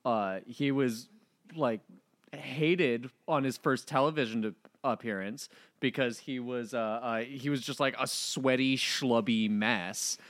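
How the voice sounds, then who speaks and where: A man chatting casually on a podcast, halting and restarting his sentences with lots of fillers. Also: medium pitch, fairly bright tone, dry recording. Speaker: podcast co-host. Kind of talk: casual chat.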